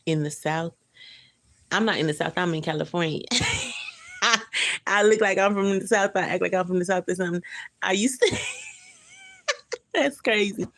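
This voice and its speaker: A woman with a low, gravelly voice chats casually on a livestream. She talks loosely and slangily to her viewers, reading their comments and chuckling often. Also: normal speed, long pauses, no echo.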